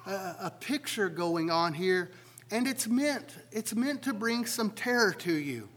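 Pastor, male, high-pitched, delivering a chatty sermon full of rhetorical questions, with a long hall reverb. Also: animated, a little slow, fairly bright tone. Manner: conversational, poses rhetorical questions to listeners.

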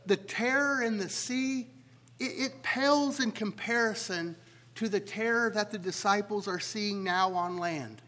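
This pastor preaches a sermon conversationally, putting rhetorical questions to his listeners. His voice is high-pitched and a bit bright, and the recording carries a long hall reverb.

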